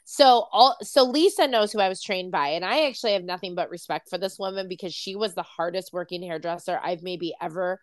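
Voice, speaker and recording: A woman's voice: on the low side, brisk, few pauses, no room sound. A woman co-hosting a podcast remotely, a hairdresser chatting casually and laughing often. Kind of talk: casual chat. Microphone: remote video call.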